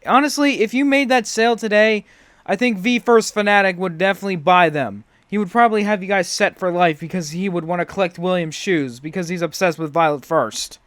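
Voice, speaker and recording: A man hosts a reaction video and delivers sarcastic, swearing commentary. His voice is high for a man. The recording is dry, with no room echo. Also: a little fast, a bit bright. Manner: sarcastic, profane.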